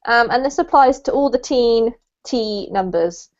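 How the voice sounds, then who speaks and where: A woman's voice: a little high, normal speed. Woman teaching an online English class. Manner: encouraging, explains pronunciation step by step. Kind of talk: online group lesson. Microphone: video call. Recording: dull lo-fi video call audio.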